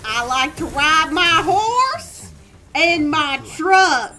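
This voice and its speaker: A woman's voice: high voice, big pitch swings, soft background music, full character voice. A woman doing a drawling Southern country man. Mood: folksy. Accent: put-on American Southern. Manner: slow, loud drawl.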